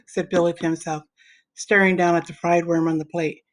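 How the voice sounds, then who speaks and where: A woman with a fairly low voice reads a children's novel aloud. Her telling is steady and expressive. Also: a little fast. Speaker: reader. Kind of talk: audiobook narration.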